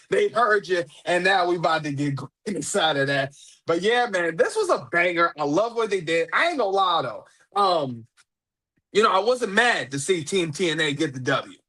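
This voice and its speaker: A man hosting his own podcast, talking in casual solo commentary with a joking, excitable manner and frequent laughs. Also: a little high. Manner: excitable, joking, often laughing, fake choked up. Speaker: podcast host.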